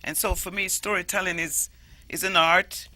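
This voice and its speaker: Forceful Jamaican woman storyteller. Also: lowish voice, normal speed, no room sound. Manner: animated, explanatory, stresses words emphatically. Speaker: storyteller guest. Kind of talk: interview conversation.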